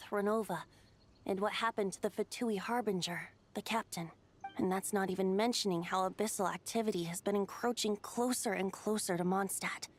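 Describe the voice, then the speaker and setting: A woman's voice: medium pitch, natural voice. A woman voicing a playful young male bard who is a wind god, speaking as a lilting, teasing storyteller in a video game.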